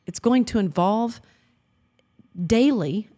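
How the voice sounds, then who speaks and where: Speaking slowly in a fairly high, mellow voice with lively intonation, a woman in her thirties shares a heartfelt faith-based chat as co-host of a Christian marriage talk. She's earnest and affectionate, laughs a lot, and quotes scripture.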